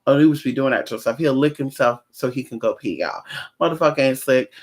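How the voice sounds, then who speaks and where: Speaking quickly in a mid-range voice, a spiritual practitioner vlogs casually from home. Her chat is sassy, profane, and rambling.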